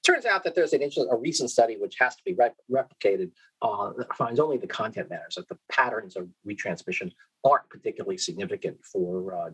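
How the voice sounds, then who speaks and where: A man's voice: on the low side, slightly rough, low-quality recording. A man giving a conference keynote lecture, asking the audience rhetorical questions and checking in with "okay?". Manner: lively, questioning, frequent "okay?" and restarts. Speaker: keynote speaker.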